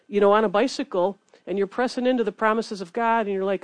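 A woman preaching a sermon in an earnest, animated way, reading scripture between her points. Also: mid-range voice, quick pace, few pauses, dry recording.

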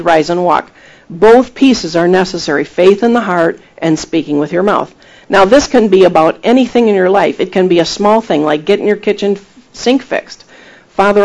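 A man preaching a sermon, retelling scripture with emphatic, animated delivery and acted-out quotes. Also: high voice, low-quality recording. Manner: animated storytelling, acting out quoted voices; emphatic, rising to exhortation.

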